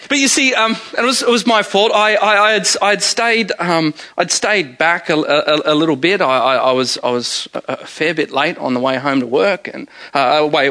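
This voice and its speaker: A male pastor giving a conversational, humorous sermon. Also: fairly high pitch. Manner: conversational, animated preaching with humor.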